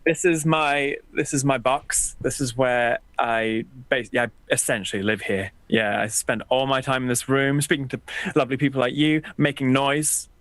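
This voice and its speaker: This man chats loosely over a video call from a small home studio room. He is self-deprecating and keeps restarting his sentences. The sound is dry and close, at a middling pitch for a man. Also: steady tone, moderate pace, fairly bright tone, dry recording. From England, raised partly in Texas. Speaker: musician guest. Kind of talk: casual video-call interview chat.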